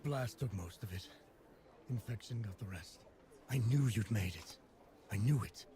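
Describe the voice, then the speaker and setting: An actor voicing a gruff, battle-worn male soldier in a game, raspy and blunt. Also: lowish voice, lively intonation, moderate pace, dark tone, natural voice. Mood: grim. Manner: blunt and clipped.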